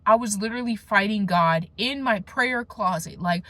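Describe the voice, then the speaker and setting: Animated young woman giving a testimony. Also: normal speed, few pauses, dry recording. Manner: emphatic, conversational, with slangy asides and restarts; swings between animated bursts and hushed, low moments. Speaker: faith vlogger. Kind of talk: casual spoken testimony.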